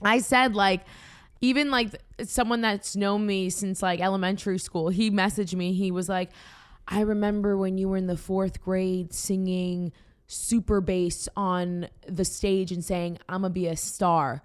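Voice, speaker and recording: Excited young woman with a Boston accent. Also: medium pitch, measured pace, clean tone. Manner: excited, rambling storyteller with many fillers. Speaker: podcast host. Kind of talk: casual chat.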